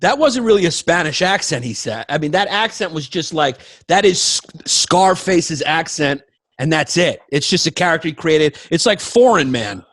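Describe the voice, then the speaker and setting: A male co-host who throws in short, wry remarks. His voice is slightly high, and it is recorded close and dry with no room sound. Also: expressive, moderate pace, a bit bright, no room sound. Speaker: podcast co-host. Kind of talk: casual podcast chat.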